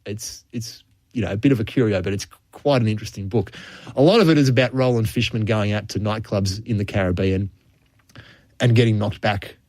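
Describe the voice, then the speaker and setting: A man's voice: lowish voice, a little fast, darkish tone, no echo. An Australian man on cricket radio, chatting casually and telling stories from the game's history, chuckling as he goes. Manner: storytelling, chuckles often, with frequent restarts.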